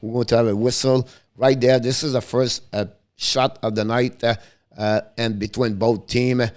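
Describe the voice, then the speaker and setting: A man's voice: mid-range voice, level tone, a little mellow. Guy calling a hockey game, clean resonant voice, choppy broken english, lots of uhs. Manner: rapid clipped play calls in broken English, with frequent fillers and self-corrections. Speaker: play-by-play host. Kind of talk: live hockey play-by-play commentary.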